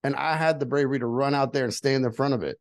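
Speaking fast in a medium-pitched voice, a middle-aged guest shares earnest stories from his own life during a relaxed chat. The recording is dry.

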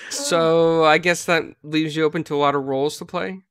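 A man hosts a relaxed interview and rambles amiably through his questions. His voice is smooth and clean, and the recording is dry and close. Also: a little high, moderate pace, no room sound. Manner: easygoing, rambling. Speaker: host. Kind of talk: casual interview chat.

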